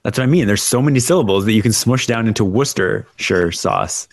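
A man's voice: medium pitch, racing, darkish tone, no echo. A man co-hosting a podcast in casual chat, joking and wry, steering the talk along. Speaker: podcast co-host.

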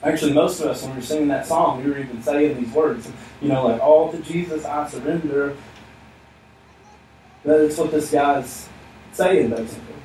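A man's voice: fairly high pitch, steady tone, normal speed, dark tone, far from the mic. A man preaching a sermon in church. He speaks animatedly and acts out the words of the figures he talks about. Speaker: pastor. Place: church sanctuary. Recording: echoey room, heard from afar, faint hiss.

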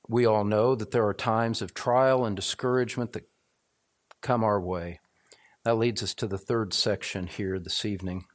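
A middle-aged man preaching a sermon as pastor, earnest and building to fervent, repetitive emphasis. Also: medium pitch.

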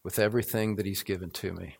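A man's voice: low voice, fairly even intonation, quick pace, gravelly, darkish tone. An older man preaching a sermon as a pastor in an evening church service, earnest and building to emphatic repetition.

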